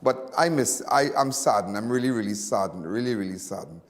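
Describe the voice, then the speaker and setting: The host of a live crime news show, a man with a Trinidadian accent, gives emotional commentary that rambles and repeats in local dialect. He speaks briskly in a lowish voice with lively intonation, and the recording has a big-room sound.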